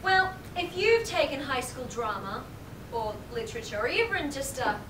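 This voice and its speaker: A woman's voice: high-pitched, big pitch swings, moderate pace, roomy sound, noisy background. A young woman acting an earnest, self-serious aspiring playwright in a live stage play, speaking in wry, sarcastic asides, taped from far off in a theatre. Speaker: stage actor. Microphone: far camera in audience.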